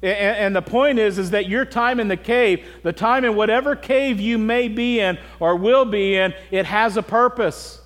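A middle-aged man preaches with a high, earnest voice, turning often to his listeners with direct questions. His words ring out with a long reverb, as if in a large church sanctuary. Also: normal speed, few pauses, fairly bright tone. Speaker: pastor. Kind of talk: sermon.

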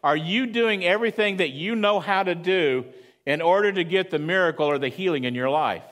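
A man's voice: high-pitched, brisk, a bit bright. A man preaching a sermon at church, talking conversationally and asking the congregation questions. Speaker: pastor.

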